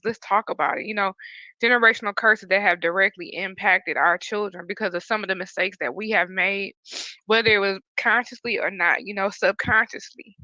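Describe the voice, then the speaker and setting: Woman podcast host all choked up and tearful, bright sharp voice, dry muffled sound. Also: medium pitch, dry recording. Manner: earnest, choked up with emotion. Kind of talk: casual podcast talk.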